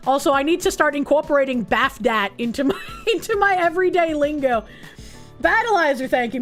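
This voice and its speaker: A woman's voice: high-pitched, animated, brisk, faint music behind. A woman live streamer chatting casually with her viewers, blunt and profane, reacting to things with disbelief.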